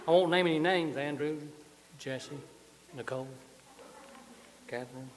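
Folksy pastor in a reverberant church. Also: male voice, fairly high pitch, unhurried, background noise. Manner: folksy, joking, moving around while preaching. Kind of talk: sermon. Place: church sanctuary with balcony.

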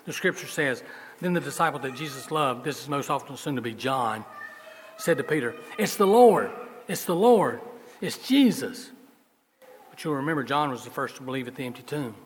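A man preaching a sermon as pastor, telling stories in a folksy way and moving between loud emphasis and soft asides. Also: medium pitch, fast, a little hiss or hum. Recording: long reverb of a large hall.

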